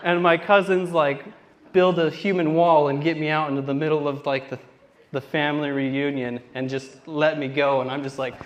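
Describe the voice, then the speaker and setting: Speaking at a normal pace with little pitch movement, this slightly high-voiced young man tells rambling, self-deprecating stories in a stand-up set at a theater, acting out quotes. There's slight background noise.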